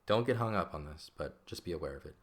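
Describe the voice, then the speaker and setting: A Latin teacher with a rumbling low voice talks fast as he gives a grammar lesson over a shared screen. He keeps it relaxed and conversational, often checking in with "right?".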